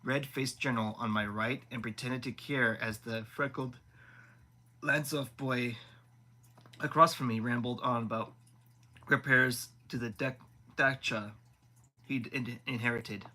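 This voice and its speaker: A man's voice: mid-range voice, steady tone, a little slow, long pauses, bright, forceful tone, rough recording. A man reading a novel aloud live, often stumbling and rereading words. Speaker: audiobook reader.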